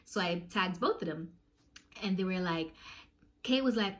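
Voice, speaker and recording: A young woman casually telling a storytime, talking animatedly and swinging her pitch as she acts out what people said. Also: animated, measured pace, long pauses. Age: young adult.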